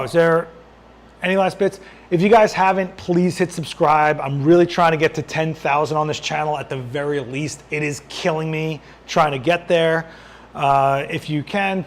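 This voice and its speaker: A man hosting a casual live-stream Q&A as a photographer, answering viewer questions while he adjusts his lights, his voice worn and going hoarse. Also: a little high. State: losing his voice.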